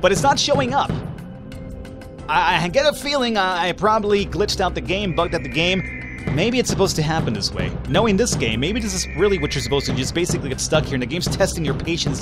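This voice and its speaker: A man narrating his gameplay in an animated, swooping voice that sits a little high for a man. He reacts with excitable, bemused outbursts and frequent swearing. Game music plays clearly beneath him. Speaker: let's play gamer. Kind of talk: casual gameplay commentary.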